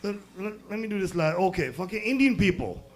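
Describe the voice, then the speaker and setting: A young American man doing a crude, rambling stand-up set, jumping from loud bursts to muttered asides. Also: sits high, expressive, a little fast. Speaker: stand-up comedian. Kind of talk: stand-up set at an open mic.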